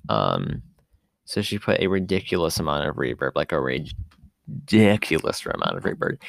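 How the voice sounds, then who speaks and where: A man's voice: on the low side, vocal fry, no room sound. A man hosting a podcast on his own, talking in a casual, rambling way with lots of fillers and asides. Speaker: podcast host. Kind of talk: casual solo podcast talk.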